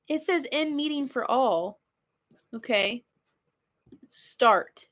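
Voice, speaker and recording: A woman's voice: sits high, lively intonation, slow, pauses often. A tired woman hosting a casual livestream at home, rambling, laughing often and swearing casually as she talks. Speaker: livestream host.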